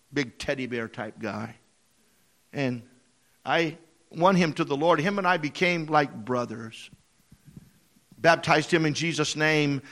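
Bright-voiced man preaching with rising fervor. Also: mid-range voice. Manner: storytelling that swells into impassioned appeals, with repeated phrases. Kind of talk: sermon.

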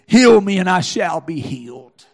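A male pastor preaching a sermon, swinging from quiet, hushed passages to fervent shouting, punctuating phrases with a rhythmic "uh". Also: high-pitched, big pitch swings, unhurried. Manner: speaks in tongues. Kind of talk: Pentecostal sermon. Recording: faint music behind.

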